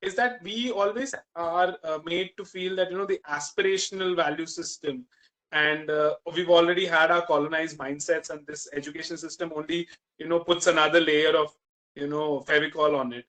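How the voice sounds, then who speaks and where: A man's voice: on the high side, fairly even intonation, moderate pace, bright, forceful tone, low-quality recording. A man with an Indian English accent, speaking animatedly as an interview guest, with frequent "you know" fillers. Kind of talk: candid opinionated conversation.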